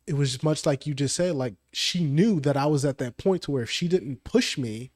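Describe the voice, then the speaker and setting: A man's voice: a little high, moderate pace, darkish tone. Reflective man hosting a podcast discussion. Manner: reflective, conversational, leads questions. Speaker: podcast host. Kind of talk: casual faith podcast discussion.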